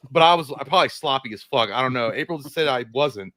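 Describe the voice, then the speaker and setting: A man's voice: medium pitch, quick pace, dry recording. A man co-hosting a casual chat show, telling a profane story and acting out the voices of people in it. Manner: profane, animated, acts out quotes. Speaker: podcast co-host.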